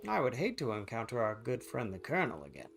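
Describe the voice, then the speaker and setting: A man voicing a refined, scheming middle-aged father who lives as a dandy gentleman, in a video game. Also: mid-range voice, wildly swooping pitch, fast talker, creaky, faint music behind, pitched below the performer's own voice, full character voice. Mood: curious.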